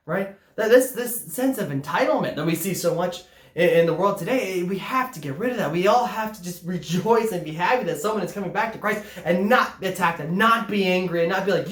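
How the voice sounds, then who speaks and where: A woman preaching a sermon in a lively, conversational way. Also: on the low side, a little fast, roomy sound.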